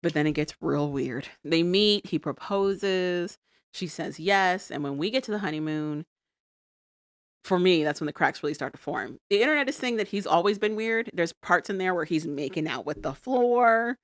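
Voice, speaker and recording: A woman with a somewhat low voice recaps a reality show in a casual podcast chat, acting out what the people on screen said. She is on a close mic in a dry room. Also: moderate pace, no room sound. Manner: animated storytelling, acts out quotes. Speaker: podcast co-host.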